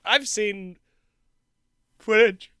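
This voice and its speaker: A man's voice: high voice, very slow, bright, forceful tone, smooth, no echo, studio quality. A man co-hosting a podcast, talking in a wry, sarcastic way. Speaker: podcast co-host. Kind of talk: casual podcast chat.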